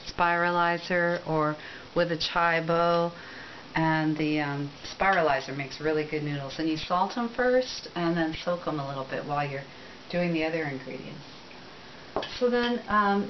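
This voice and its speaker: A woman walks through a recipe in a casual, chatty way, often pausing on ums and correcting herself mid-sentence. Her voice sits on the lower side. The audio is dull and lo-fi, with a faint hiss underneath. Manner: chatty, rambling, with frequent ums and self-corrections. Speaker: cooking demonstrator.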